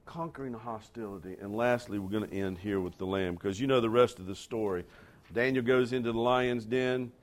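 A man's voice: lowish voice, brisk, slight background noise. Man preaching a sermon, emphatic. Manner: rising to emphatic near-shouts on key lines; addresses the congregation directly, conversational asides. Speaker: pastor.

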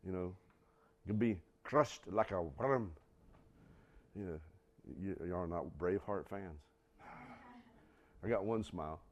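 A man preaching a sermon, acting out dialogue and putting questions to the congregation, swinging from loud outbursts to quiet asides. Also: sits low, a little slow, pauses often, lo-fi sound. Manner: acts out quoted dialogue, asks the congregation questions. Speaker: pastor.

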